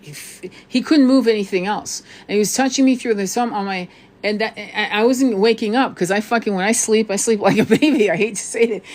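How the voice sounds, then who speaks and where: A woman psychic tarot reader in a casual spiritual monologue, rambling, swearing freely and restarting her sentences often. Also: medium pitch. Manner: rambling, profane, many restarts.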